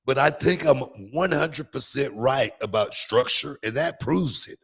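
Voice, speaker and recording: A man with a gravelly voice hosts a podcast in a casual, self-assured way. He talks emphatically and repeats his phrases to drive each point home. His voice sits at an ordinary middle pitch. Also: lively intonation, unhurried, a bit bright. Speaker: podcast host.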